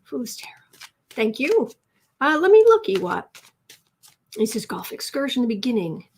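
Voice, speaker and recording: Woman, live-stream tarot host, emotional and chatty, slightly high voice. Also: sing-song, normal speed, a little mellow, husky. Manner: emotional and chatty, many restarts. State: teary with emotion. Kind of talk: live stream chat reading viewer comments.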